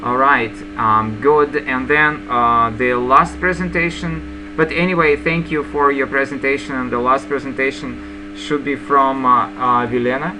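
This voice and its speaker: A man's voice: mid-range voice, fairly even intonation, measured pace. A man teaching English, patiently explaining vocabulary to his students with frequent fillers. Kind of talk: online lesson explaining vocabulary. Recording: mains hum and background noise.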